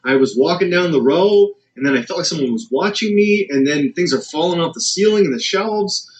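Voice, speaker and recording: A shaken young woman shop worker, as a male narrator puts her on, halting and stunned, with a slightly raised pitch, heard a little way off the mic. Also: expressive, far from the mic, natural voice, low-quality recording.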